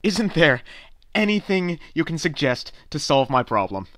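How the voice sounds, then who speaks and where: A frustrated, stammering male customer, played by a man in an amateur radio play, who sometimes breaks into shouting. His voice is bright and tense, a touch high, with animated swings in pitch. The sound is close and dry. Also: measured pace, no echo. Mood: furious pleading. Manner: flustered, stammering, bursts into shouting. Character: exasperated male customer, young adult, increasingly desperate.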